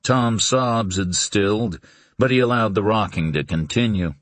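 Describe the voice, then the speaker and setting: A man narrating a suspense novel in a steady, dramatic reading. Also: fairly low pitch, unhurried, no echo. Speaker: audiobook narrator. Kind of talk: scripted narration.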